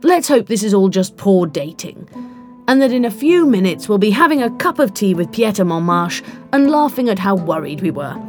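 A woman voicing a calm, wry male time traveller who speaks in a measured, dryly humorous way. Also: mid-range voice, faint music behind, natural voice. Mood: grave.

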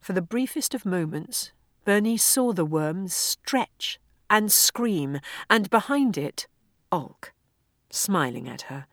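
A woman narrating an audiobook in a measured, expressive storytelling voice. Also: mid-range voice, no room sound, studio quality. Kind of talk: audiobook reading.

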